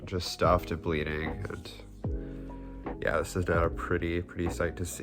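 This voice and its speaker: Low-voiced young man vlogging over music. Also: level tone, normal speed. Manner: rambling, chatty, lots of fillers. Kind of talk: casual vlog talk to camera. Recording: background music, voice a bit distant. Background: soft background music.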